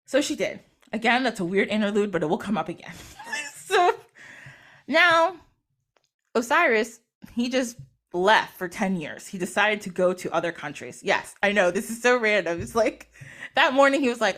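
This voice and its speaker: A woman podcast host retelling a myth in a casual, animated way, giggling and acting out quotes. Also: medium pitch, normal speed. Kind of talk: casual storytelling.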